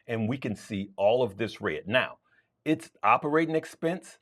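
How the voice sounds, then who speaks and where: A man's voice: medium pitch, normal speed. A man hosting a stock trading show, talking viewers through charts in an emphatic, repetitive way. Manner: emphatic, lively, repeats points for stress. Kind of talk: market commentary to viewers.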